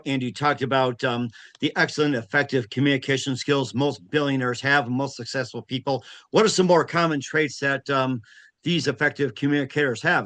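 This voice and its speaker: A man's voice: mid-range voice, bright, forceful tone. A man from the United States hosting an interview, asking rambling questions with many fillers. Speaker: host.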